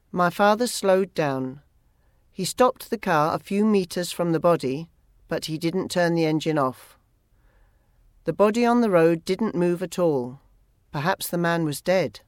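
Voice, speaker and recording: An audiobook narrator who reads a first-person story in a steady, measured way. The voice sits in a middle pitch, recorded close up with no room echo.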